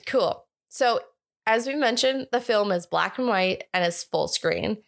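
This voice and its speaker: A woman's voice: medium pitch, lively intonation, a little slow, creaky. Chatty young woman co-hosting a film podcast. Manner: chatty, quotes her own reactions, frequent laughs. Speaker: podcast co-host. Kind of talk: casual film discussion.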